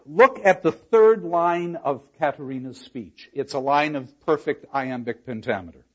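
A man's voice: a little high, a little slow, lo-fi sound. A man giving a university lecture on a play, explaining verse and reading lines aloud with dramatic emphasis. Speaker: literature lecturer.

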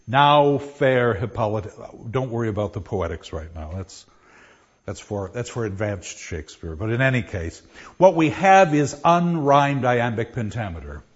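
A man teaching a class, explaining verse and reading lines aloud with pauses. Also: on the low side, very animated, breathy edge. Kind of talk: classroom lecture. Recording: dull lo-fi classroom recording.

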